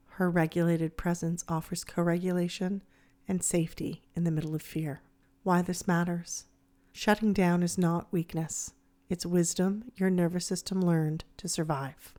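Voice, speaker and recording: A woman hosting her podcast, narrating in a calm, gentle, measured way. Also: on the low side. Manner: gentle, soothing, measured delivery. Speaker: podcast host.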